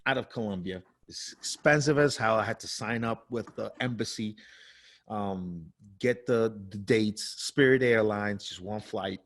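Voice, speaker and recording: A man's voice: on the low side, a little slow. A man co-hosting a podcast in casual, loose chat, swearing and laughing often. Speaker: podcast co-host.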